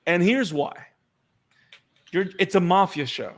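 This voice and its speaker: Chatty man with a higher voice. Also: measured pace. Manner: animated, repeats words when excited. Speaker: podcast co-host. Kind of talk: casual chat.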